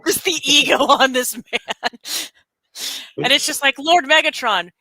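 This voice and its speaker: A woman's voice: high-pitched, unhurried, no echo, poor audio. A woman co-hosting a casual stream, chatting about games with lots of laughter and playful quoted lines. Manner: giggly, animated, quotes lines in put-on voices. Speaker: streamer co-host.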